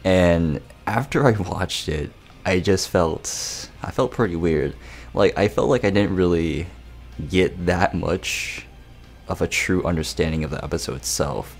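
A man's voice: sits low, a little slow, gravelly, soft background music. A young man giving a casual anime episode review, rambling, laughing and swearing as he retells scenes.

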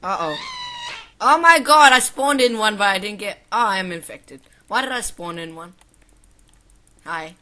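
A woman's voice: mid-range voice, lively intonation, normal speed, long pauses, sharp tone. A teenage girl giving casual commentary while playing a game, exclaiming and laughing often. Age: teens. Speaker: gameplay commentator. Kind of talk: casual gaming chat.

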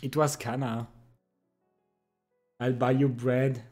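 A young man chatting casually with his stream chat, relaxed and giggly. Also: medium pitch, takes it slowly, faint music behind. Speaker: livestreamer. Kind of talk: casual chat reading and answering viewer chat.

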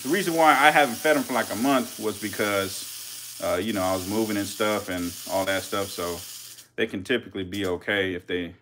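A man giving casual live-stream commentary as a reptile keeper, chatty with viewers, swearing and getting excited. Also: lowish voice, normal speed, a little hiss or hum.

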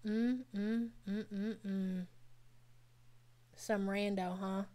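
A woman's voice: medium pitch, steady tone, very slow, dark tone. A woman hosting a live stream, giving blunt, sassy commentary and talking back to her chat. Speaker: live stream host reacting to a reality show.

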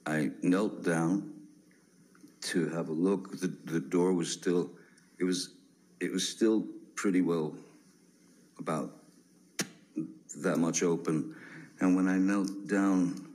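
A man in his fifties giving courtroom testimony, halting with many pauses and restarts. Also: low voice, steady tone, darkish tone, poor audio.

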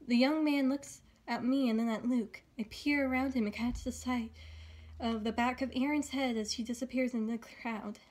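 A woman reading a first-person novel aloud at home in a steady, even voice. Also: fairly high pitch, moderate pace. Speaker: audiobook reader.

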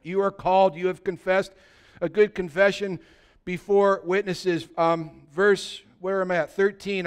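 A man's voice: high-pitched, level tone, measured pace, clean tone. A male pastor, preaching a conversational sermon and calling out to his congregation. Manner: exhorting, conversational, calls out to congregation.

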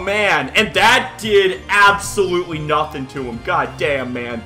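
A young man giving live game commentary, excitable and swearing often, yelling at big plays, fresh from the gym with a dry throat. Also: fairly high pitch, a little slow, few pauses. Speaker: gaming YouTuber. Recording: music faint behind voice.

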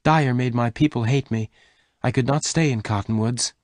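A man voicing Jane, an eager, warm-hearted young woman, in a higher, excited voice. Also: moderate pace, dry recording, clean studio sound, natural voice. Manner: raised pitch, excited exclamations.

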